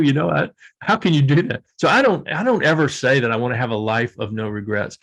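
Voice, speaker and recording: An older man talking with heartfelt, storytelling earnestness, his voice sitting at an everyday middle pitch. He laughs often and sounds close to tears at times as he reflects on his life. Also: animated, fast, gravelly, a bit bright. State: tearful. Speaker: guest author. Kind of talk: emotional reflective interview talk.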